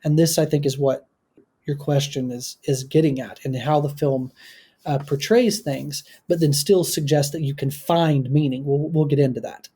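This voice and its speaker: A man appearing as a podcast guest, talking through a film in an articulate, analytical and measured way. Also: fairly high pitch, steady tone, mellow, breathy edge. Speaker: guest film critic and author.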